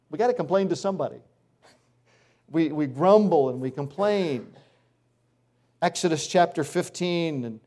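A middle-aged male pastor preaching a sermon, animated and acting out complaining voices now and then. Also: a little high.

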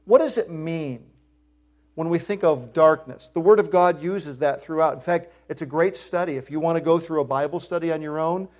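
Middle-aged male pastor, sermon delivery, slightly higher voice, emphatic rises on key points. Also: moderate pace, darkish tone. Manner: emphatic preaching, rises in pitch and volume on key phrases.

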